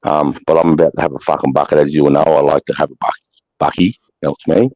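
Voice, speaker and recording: A middle-aged Australian man hosting a casual livestream chat, blunt and swearing often, telling stories with animated, jumping energy. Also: very deep voice, quick pace, dry recording. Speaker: livestream host, army veteran. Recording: dull, dry lo-fi stream audio.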